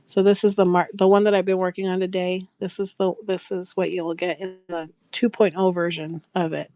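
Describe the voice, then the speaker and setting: A woman's voice: fairly low pitch, little pitch movement, fairly quick, dark tone, no echo. A woman hosting a live craft sales stream, chatting casually, rambling and laughing often as she greets viewers by name. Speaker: craft seller and live show host.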